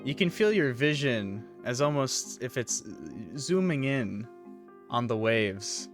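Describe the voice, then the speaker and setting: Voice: mid-range voice, animated, slow, faint music behind. A game master narrating a tabletop game, laughing often and rambling with fillers.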